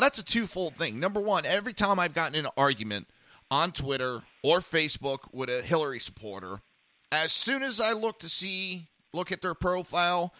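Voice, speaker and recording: A man's voice: a little high, pushed and bright, smooth, no echo. A man hosting a political talk podcast, heated and ranting, often stammering as he restarts. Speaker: podcast host.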